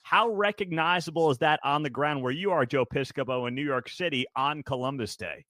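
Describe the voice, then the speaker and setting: A man's voice: fairly high pitch, fairly quick, bright, forceful tone, dry recording, clean studio sound. A man hosting a radio talk show, asking upbeat, friendly questions. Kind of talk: radio interview.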